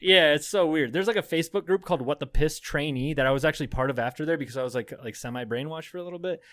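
A young adult man, a podcast co-host, spins a loose, rambling story in casual chat, swearing freely and breaking into laughter. His voice sits somewhat high for a man. It is recorded close and dry, with no room sound. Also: racing, fairly bright tone, no room sound.

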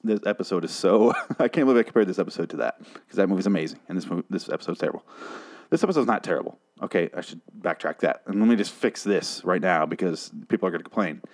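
A hoarse man reviewing a TV episode in a casual, rambling way, swearing and restarting his sentences in exasperation. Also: low voice, quick pace.

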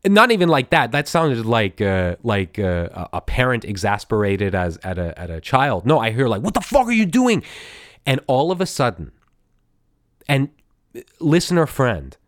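A man's voice: lowish voice, animated, moderate pace, dry recording, studio quality. A man hosting a podcast, telling a story in a loose, profane way with many fillers and restarts. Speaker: podcast host. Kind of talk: casual storytelling monologue.

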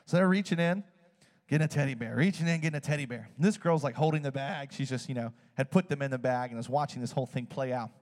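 A man preaching a sermon, telling a story with animated swings in his voice. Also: fast, in a large hall. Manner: animated storytelling, swings high when excited.

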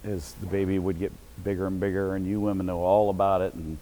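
A middle-aged man preaching a sermon as pastor, breaking into sudden shouted bursts of excitement. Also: deep voice, fast talker, low-quality recording.

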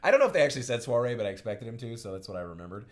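A man's voice: mid-range voice, racing. A man co-hosting a podcast, chatting casually about a movie with jokes and mock accents. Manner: animated, jokey, slips into mock accents. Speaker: podcast co-host. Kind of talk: casual movie-review chat.

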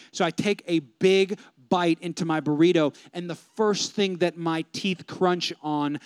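Pastor in his 30s, high smooth voice, dry close sound, comic storyteller who talks to the congregation. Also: moderate pace, hardly any pauses, dry recording. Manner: animated, humorous, addresses the congregation. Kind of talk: storytelling sermon.

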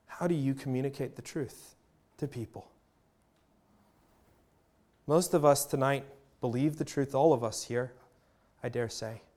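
A male pastor preaching to his congregation in an earnest voice. His pitch sits in the middle range for a man. He leans on emphatic pauses and lets his volume swell and drop. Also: a little mellow. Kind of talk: sermon.

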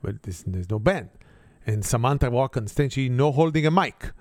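A man with an Israeli accent telling a story to his kids in a casual family setting. He tells it in lively storyteller fashion, using simple, non-native grammar. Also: mid-range voice, moderate pace, no room sound.

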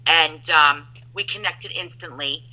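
A woman, a guest telling loud, animated stories in casual chat over a phone line. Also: low voice, measured pace.

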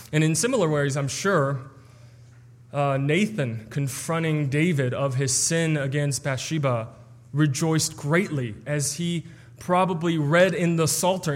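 A man delivers an earnest, explanatory sermon in a slightly raised voice, now and then tripping over his words. His voice carries a long reverb, as in a large church sanctuary. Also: a little high. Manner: earnest, explanatory, with stumbles and restarts. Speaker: preacher. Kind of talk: expository sermon.

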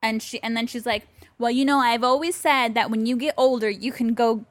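A woman's voice: fairly high pitch, fairly even intonation, fairly quick, no echo. A woman co-hosting a podcast in casual chat, telling a story with animation and acting out both sides of a phone call. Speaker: podcast co-host. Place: bedroom.

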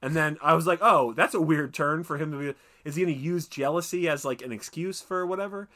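A man's voice: a little high, fairly quick, pushed and bright. A man co-hosting a podcast, chatting casually and profanely about a film, riffing and griping with mock voices. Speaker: podcast co-host. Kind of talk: casual chat, film review.

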